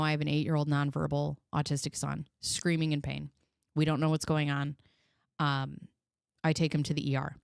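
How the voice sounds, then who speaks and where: A woman's voice: low voice, vocal fry, clear, resonant tone, no room sound, clean studio sound. A woman in her thirties hosting a live stream, chatting in a rambling, heartfelt way. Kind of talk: casual commentary.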